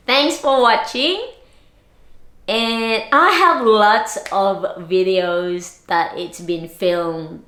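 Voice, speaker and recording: A woman's voice: mid-range voice, fairly bright tone. A woman from the Philippines, chatting casually to camera as a vlogger, giggly and prone to trailing off and restarting. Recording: roomy echo.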